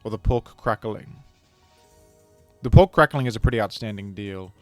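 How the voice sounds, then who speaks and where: A man's voice: lowish voice, moderate pace, dry recording, soft background music. A man giving casual, rambling gameplay commentary as a video creator, chatting to viewers and often correcting himself mid-sentence.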